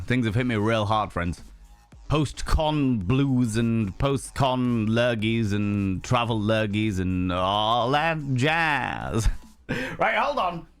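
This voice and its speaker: A man's voice: fairly low pitch, a bit bright, clean tone. A man streaming a game live, ill with a cold, chatting to viewers in a playful, sing-song, flamboyant way. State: sick with a cold.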